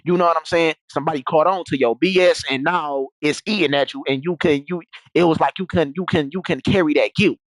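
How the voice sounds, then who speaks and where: A man's voice: fairly high pitch, a little fast, few pauses, no room sound, rough recording. Rambling young man telling a story. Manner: rambling, repeats himself, slangy. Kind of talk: casual storytelling.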